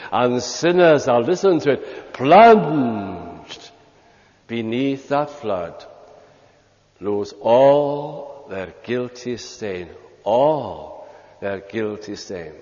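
Older british preacher, slow and emphatic, lots of pauses, dull old recording in a big echoey hall. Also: male voice, fairly high pitch, darkish tone. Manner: measured, emphatic preaching with long pauses and quoted hymn lines. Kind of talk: sermon. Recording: lo-fi hall recording with long reverb.

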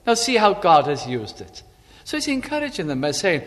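A man's voice: high voice, wildly swooping pitch, normal speed, a bit bright. A man preaching a sermon, reading scripture aloud and then retelling it in plain, conversational words. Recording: long hall reverb.

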